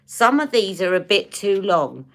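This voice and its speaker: A woman's voice: medium pitch, big pitch swings, measured pace, fairly bright tone. A woman hosting a casual beauty livestream, chatting to viewers and demonstrating products as she talks. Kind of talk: casual live-stream chat.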